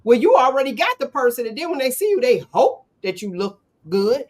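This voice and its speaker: Woman host, lively slangy storyteller, slightly high voice. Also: brisk. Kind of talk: casual chat.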